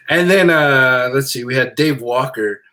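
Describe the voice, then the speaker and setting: A middle-aged man hosting a podcast, relaxed and hesitant with many fillers, reading out listener comments. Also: medium pitch, measured pace. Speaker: podcast host. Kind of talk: casual chat.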